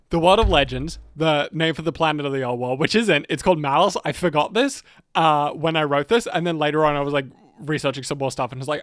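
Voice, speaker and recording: A man with a somewhat high voice co-hosts a casual lore podcast. He rambles, swears freely and jokes as he goes. The sound is close and dry. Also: lively intonation, fast, a bit bright, no room sound. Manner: rambling, profane, jokey. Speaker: podcast co-host narrating lore.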